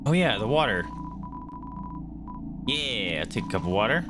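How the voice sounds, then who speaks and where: A man's voice: medium pitch, big pitch swings, moderate pace, very noisy. A man streaming a video game, chatting casually and reacting aloud to what happens. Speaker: gaming streamer. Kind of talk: casual let's-play commentary. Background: faint game music.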